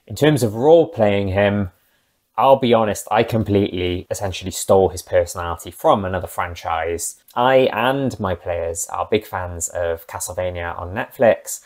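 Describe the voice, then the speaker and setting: Low-voiced man chatting about his game. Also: vocal fry. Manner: chatty and rambling, with asides. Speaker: game master and channel host. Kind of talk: casual talk about a tabletop game character.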